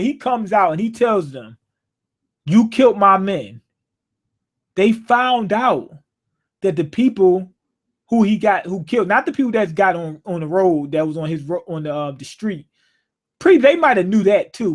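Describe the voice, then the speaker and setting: A man with a high voice talks through a TV episode in a casual, rambling way. He jokes, circles back and repeats himself as he goes. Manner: joking, loose and conversational, repeats himself. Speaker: show reviewer.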